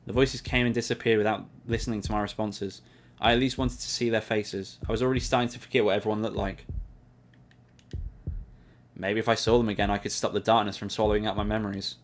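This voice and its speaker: A man's voice: fairly even intonation, fast. A man reading a visual novel's text aloud for a playthrough, shifting his voice between characters. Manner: reads all parts, shifting pitch for characters. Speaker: game playthrough narrator. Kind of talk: reading game dialogue aloud.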